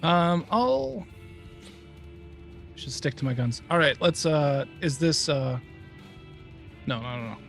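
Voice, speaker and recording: A man's voice: on the high side, expressive, slow, creaky, long pauses, soft background music. A man co-hosting a podcast in casual chat, joking and hesitant while he guesses. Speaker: podcast co-host.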